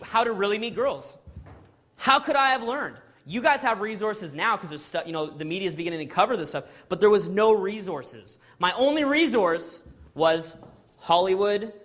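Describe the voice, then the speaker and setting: A middle-aged man from Canada, telling a story to an audience in an animated way and acting out the dialogue, often asking "right?" and "okay?". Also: high voice, moderate pace.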